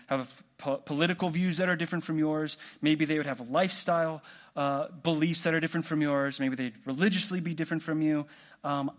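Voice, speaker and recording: A man preaching a sermon in a relaxed, conversational way, asking the congregation questions. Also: fairly high pitch. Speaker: pastor.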